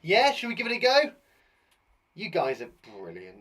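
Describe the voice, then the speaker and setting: Lively man hosting a kids' quiz. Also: high voice, moderate pace. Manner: enthusiastic, jokey, chatty. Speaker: teacher and host of a children's show. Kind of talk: live children's quiz show.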